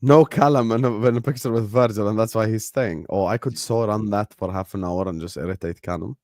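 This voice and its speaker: A man's voice: on the low side, fairly quick, no room sound, studio quality. A man hosting a football watchalong, talking in casual, emphatic, joking banter with his co-host. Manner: animated, emphatic, laughing banter. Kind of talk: casual chat.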